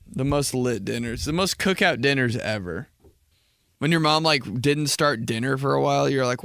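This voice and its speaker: A man's voice: mid-range voice, animated, normal speed, creaky, fairly bright tone. A young man riffing alone into the mic, rambling loosely with lots of slang and cursing in an everyday mid-range voice. The sound is dry and close, with no room echo. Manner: rambling, slangy, heavy swearing. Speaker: podcast host. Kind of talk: casual comedic monologue.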